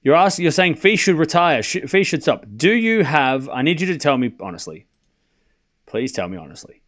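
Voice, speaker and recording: A man's voice: a little high, very animated, normal speed, fairly bright tone. A man streaming a live tennis watchalong, mixing casual play-by-play with teasing replies to his chat. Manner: chatty, teasing, talks straight to his chat.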